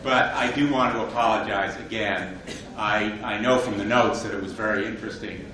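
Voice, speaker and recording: Man presenting awards at a conference, halting and formal, recorded off-mic in a noisy echoey hall. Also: lowish voice, steady tone. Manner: formal, hesitant, stumbles over names. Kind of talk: conference announcement. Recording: roomy distant mic in a crowded hall.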